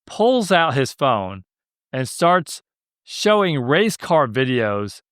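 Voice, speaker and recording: A man's voice: medium pitch, very animated, slow, a bit bright, clear, resonant tone, dry recording, clean studio sound. A young man hosting a podcast, telling stories in a laid-back, joking way. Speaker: podcast host. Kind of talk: casual storytelling monologue.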